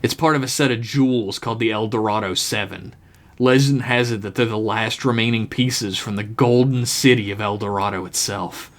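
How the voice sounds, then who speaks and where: A man voicing a smug male prison inmate who calmly lectures about a treasure legend in a matter-of-fact tone, in a comedy podcast story. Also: on the low side, moderate pace, lightly acted. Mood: lecturing.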